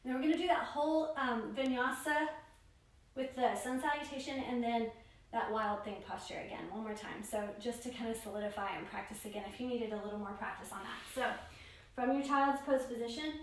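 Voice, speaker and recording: A woman leads a yoga class with a bright, high voice, calling out each pose and breath in a steady rhythm. She sits well back from the microphone. Her voice rings through a strongly echoing room. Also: brisk. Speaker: yoga instructor. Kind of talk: guided yoga class instruction. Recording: very echoey room, voice far from mic.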